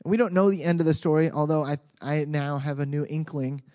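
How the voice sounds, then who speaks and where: A man preaching a sermon as a pastor in a conversational, animated way with frequent restarts. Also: fairly high pitch, fairly quick.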